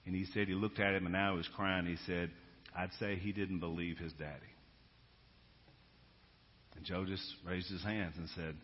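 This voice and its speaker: A male pastor preaching a sermon, moving from hushed storytelling to loud, emphatic exhortation. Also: low-pitched. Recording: dull sound with long hall reverb.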